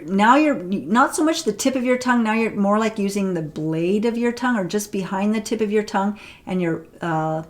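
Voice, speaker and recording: A woman teaching pronunciation on camera, explaining sounds and demonstrating them, often checking with "right?". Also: mid-range voice.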